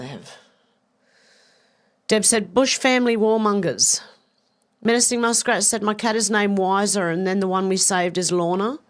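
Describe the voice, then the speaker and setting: Middle-aged Australian woman, live-stream host, chatty and effusive, a bit congested. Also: medium pitch. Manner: chatty, effusive, warm thanks, many restarts. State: slightly congested with a cough. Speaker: livestream host. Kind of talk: casual live-stream chat, reading viewer comments.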